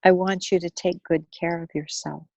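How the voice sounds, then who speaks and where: A woman voicing a wise magical golden carp in a storybook tale, speaking calmly and kindly. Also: on the low side, normal speed, gravelly, no echo, highs cut off.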